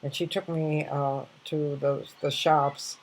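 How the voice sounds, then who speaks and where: A woman's voice: low voice, little pitch movement, slow pace, low-quality recording. An older woman casually sharing reflective anecdotes, rambling with many restarts and fillers.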